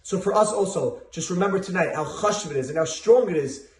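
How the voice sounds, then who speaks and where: A young man telling a story fast and with animation, sprinkling in Hebrew and Yiddish terms as he gives a holiday message. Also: high-pitched, reverberant. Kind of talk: casual spoken storytelling.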